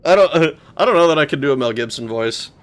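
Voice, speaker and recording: A man's voice: a little high, lively intonation, brisk. A man streaming a game, chatting casually, rambling, swearing and answering his chat. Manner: rambling, swears, laughs, talks back to chat. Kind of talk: casual gameplay commentary.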